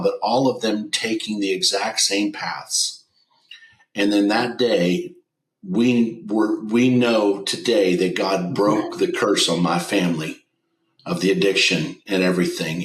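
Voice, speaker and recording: A man's voice: fairly low pitch, fairly bright tone, roomy sound, rough recording. A man, a business owner telling an emotional personal testimony as an interview guest, acting out the dialogue he quotes. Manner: earnest storyteller who acts out quoted dialogue.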